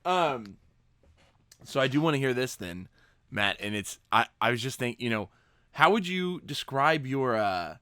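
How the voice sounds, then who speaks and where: Upbeat slangy guy hosting a podcast, bright voice, dry sound. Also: medium pitch, big pitch swings, measured pace, clean tone, dry recording. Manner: enthusiastic, slangy. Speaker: podcast host. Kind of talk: casual podcast chat.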